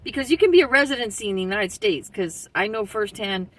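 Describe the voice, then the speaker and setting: A woman's voice: medium pitch, quick pace, low-quality recording. A woman in Texas ranting in a rambling, heated, profane way in casual talk. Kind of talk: casual political rant. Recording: steady background noise.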